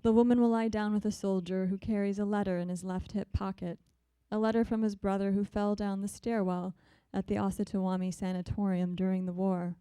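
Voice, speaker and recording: A woman poet reads her work in a measured, deliberate way, her voice mellow and smooth. The sound is close and dry. Between poems she turns soft and hesitant. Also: medium pitch, little pitch movement, no echo. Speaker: visiting poet. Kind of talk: poetry reading.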